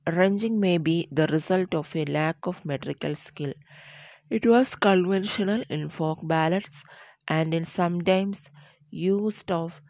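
Low-voiced woman lecturing from notes. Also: no room sound. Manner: steady, deliberate delivery with small slips and restarts. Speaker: teacher. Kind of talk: lecture on poetic meter, reading from notes.

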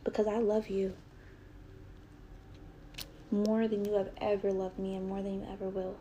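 A woman's voice: mid-range voice, flat delivery, normal speed, mellow, slight background noise. A young adult woman telling a personal story with earnest, heated retelling and quoted dialogue.

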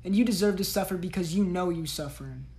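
A woman's voice: on the low side, quick pace, mellow. A woman hosting a solo podcast, giving blunt, profane, slang-heavy tough-love talk. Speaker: podcast host.

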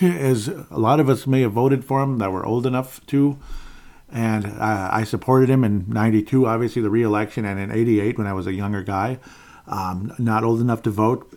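A man's voice: lowish voice, darkish tone. A man in his forties giving a casual, rambling, opinionated political monologue, chuckling often. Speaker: political commentator.

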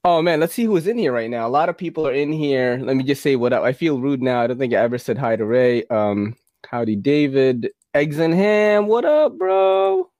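A man's voice: medium pitch, very animated, normal speed, a little mellow, no room sound, studio quality. A man hosting a casual livestream, chatting loosely, swearing and laughing as he plays clips. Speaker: livestream host.

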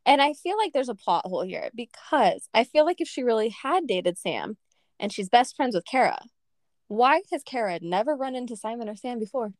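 A young woman co-hosting a casual book podcast, talking in an animated way with lots of laughs and fillers. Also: fairly high pitch, moderate pace, dry recording, clean studio sound. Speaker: podcast co-host. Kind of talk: casual book-review chat.

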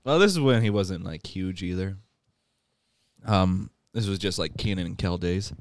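A man's voice: low voice, moderate pace, no room sound. A man hosting a podcast, retelling a movie plot in casual chat, laughing often and acting out the characters' lines. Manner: laughs often while recounting, acts out quoted lines. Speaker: podcast host.

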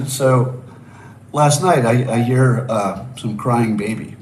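A man's voice: mid-range voice, slow, darkish tone, slight background noise. A man in his sixties hosting a casual solo livestream from a hotel room, telling stories wryly with rhetorical asides. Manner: wry, storytelling with rhetorical asides and restarts. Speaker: podcast host. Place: hotel room with balcony by the ocean. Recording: roomy echo, mic at a distance, faint ambience.

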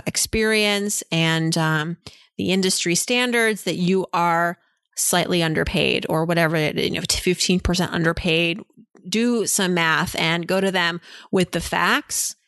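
A woman's voice: on the low side, fairly bright tone, smooth, dry recording, clean studio sound. A woman hosting a personal finance podcast, answering listener questions in a chatty, frank way with lots of "you know" fillers.

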